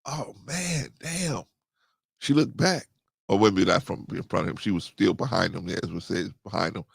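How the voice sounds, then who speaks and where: A man's voice: moderate pace, gravelly, husky, dry recording, clean studio sound. A man casually reading and joking through scripture as host, laughing often and preaching in bursts. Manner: preachy storytelling with sudden pitch jumps. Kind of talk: casual comic Bible commentary.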